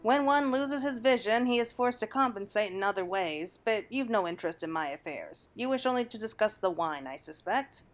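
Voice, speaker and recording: A woman reading the lines of a calm, blind retired mercenary who is now a male wine connoisseur in a video game, speaking in a measured, refined way. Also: mid-range voice, soft background music, natural voice.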